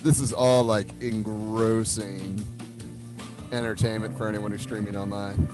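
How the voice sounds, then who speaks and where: Tai chi teacher, man, over music. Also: fairly low pitch. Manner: casual, chatty while fixing the stream, then slow and calm cueing. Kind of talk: online class setup and guided tai chi instruction. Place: home room, on a video stream. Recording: live stream audio with music underneath. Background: music playing.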